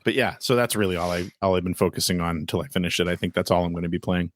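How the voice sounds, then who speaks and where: A man's voice: sits low, flat delivery, racing. A man co-hosting a podcast in casual chat, rambling with many restarts and fillers. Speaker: podcast co-host.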